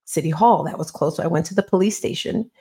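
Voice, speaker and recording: A woman's voice: on the low side, quick pace, mellow, breathy edge. A middle-aged woman, an interview guest and author, earnestly retelling a personal story in a conversational way and acting out the dialogue.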